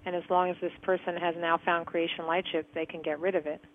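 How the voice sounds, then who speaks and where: A woman's voice: fairly low pitch, flat delivery, fast talker. A woman co-hosting a call-in radio show, reading out listener messages and asking the host clarifying questions. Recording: tinny phone-line radio sound.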